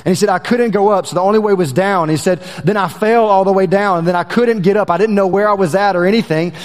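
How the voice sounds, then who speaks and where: A man's voice: sits high, quick pace, big-room sound. A male preacher telling a personal story in a folksy way, calling the congregation y'all, then moving into a sermon.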